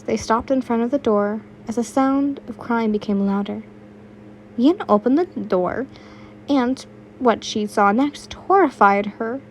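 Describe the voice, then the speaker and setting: A woman's voice: a little high, a little mellow, a little hiss or hum. A young woman reading fan fiction aloud in a casual way, stumbling now and then and adding her own asides. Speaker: fanfiction reader.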